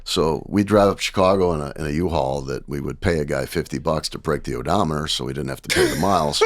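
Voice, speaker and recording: Gravelly low-voiced man in his sixties. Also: quick pace. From American Midwest. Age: 60s. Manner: animated anecdotes, acting out dialogue, frequent "right?". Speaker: podcast guest, entrepreneur. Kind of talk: casual storytelling.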